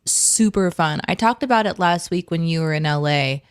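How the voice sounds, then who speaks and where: A woman's voice: low-pitched, normal speed, clear, resonant tone, dry recording, clean studio sound. A woman co-hosting a live morning stream from home, chatting casually in a rambling way and laughing often. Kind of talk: casual chat. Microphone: desk mic on an arm with webcam.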